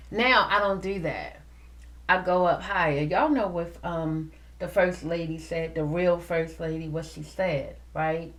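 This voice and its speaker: Woman host, forties, lively and preachy, talks straight to the listener. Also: fairly low pitch, a little slow. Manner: animated, preachy, addresses listeners as y'all. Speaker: podcast host. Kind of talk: casual motivational talk.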